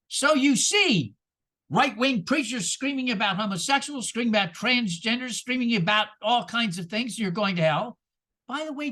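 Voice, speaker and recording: A man preaching a sermon as minister, animated and rhetorical, with sarcastic asides. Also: very high-pitched.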